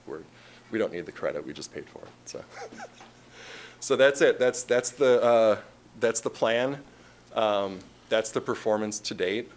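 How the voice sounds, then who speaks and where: A low-voiced man with a Chicago accent pitches a tourism marketing plan to the city council in their meeting chamber. His delivery is casual and chatty, full of fillers and restarts, and there's a faint hiss or hum on the recording.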